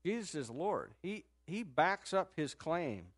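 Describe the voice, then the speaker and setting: A man preaching a sermon in a conversational, animated storytelling manner, rising sharply in pitch and loudness at times and dropping to a soft low voice for quoted words. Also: a little slow. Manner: drops to a soft, low voice when quoting Jesus. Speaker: pastor.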